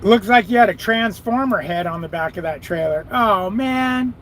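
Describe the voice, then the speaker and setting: A man's voice: sits high, normal speed, a bit bright, a little hiss or hum, low-quality recording. A man who drives trucks, chatting and cursing freely with viewers on a live stream from his cab. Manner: profane, rambling, talks to viewers and his dog. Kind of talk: casual live chat.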